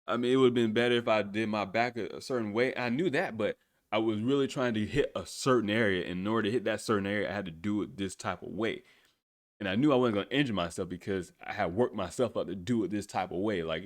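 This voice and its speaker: A man in his thirties telling stories in a casual, colloquial chat, animated and often laughing, with the odd swear word. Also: fairly low pitch, fairly quick. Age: 30s.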